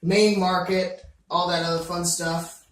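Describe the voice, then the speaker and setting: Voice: mid-range voice, flat delivery, unhurried, heavy reverb, recorded from a distance, a little hiss or hum, low-quality recording. A game master narrating a tabletop game with loose, rambling descriptions full of fillers.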